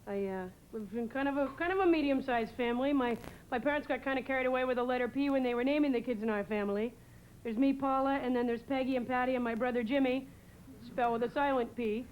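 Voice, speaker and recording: A woman from New England doing a rambling stand-up set on a TV stage, full of halting pauses and "uh"s. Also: sits high, steady tone, muffled recording, a little hiss or hum. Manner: rambling, halting delivery with many "uh"s. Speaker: stand-up comedian. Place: TV studio stage before a live audience. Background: audience laughter.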